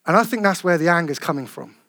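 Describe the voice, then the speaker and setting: Man, preacher, sermon, earnest, emphatic, fairly high voice. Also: lively intonation, sharp tone. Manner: earnest, emphatic, slows down to stress key phrases.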